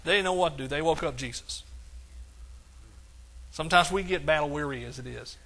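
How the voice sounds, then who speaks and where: A man preaching a sermon as pastor, with emphatic lines that swing from soft to hollering. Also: fairly high pitch, fairly quick.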